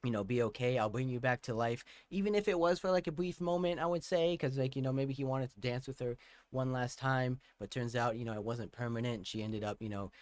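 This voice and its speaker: A man hosting a music reaction video, rambling casually with many fillers and bursting into excited outcries. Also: mid-range voice, a little fast, dry recording. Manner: rambling, lots of fillers and hedges; excitable outbursts.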